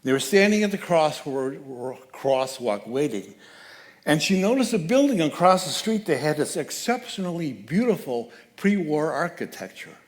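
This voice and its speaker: A man giving a sermon as guest speaker at a church, telling a story with lively changes of voice. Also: a little high, normal speed. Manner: animated storyteller, acts out quoted voices. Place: church sanctuary.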